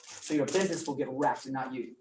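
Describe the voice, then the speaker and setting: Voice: medium pitch, fairly even intonation, quick pace, darkish tone. A presenter giving an informal business training talk to a small group, chatty and prone to mid-sentence restarts. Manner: chatty, coins words, corrects himself or herself mid-sentence. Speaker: workshop presenter. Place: office meeting room with a small group. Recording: echoey room, mic far off, faint noise.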